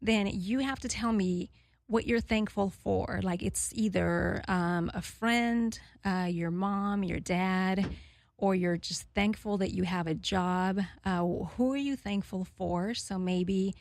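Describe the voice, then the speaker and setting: A woman's voice: medium pitch, slow, gravelly, darkish tone, dry recording, clean studio sound. Candid, chatty woman in her forties hosting. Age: 40s. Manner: rambling and candid, laughing often, frequent fillers. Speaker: radio show host. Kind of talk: casual chat to listeners.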